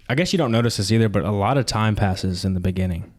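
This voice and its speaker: Fast-talking young man reacting to a film. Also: on the low side. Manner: quick, rambling, lots of restarts. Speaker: podcast co-host. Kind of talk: casual movie reaction chat.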